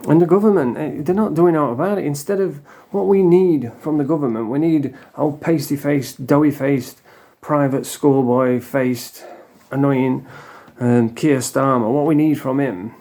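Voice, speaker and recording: A man's voice: fairly high pitch, moderate pace, mellow. A man, ranting bluntly in a casual monologue and swearing freely. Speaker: vlogger.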